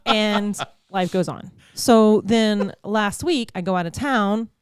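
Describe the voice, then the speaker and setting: Animated woman telling a story. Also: mid-range voice, slow, heavy background noise. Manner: animated, laughing, acts out quotes. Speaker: podcast host. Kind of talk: casual storytelling.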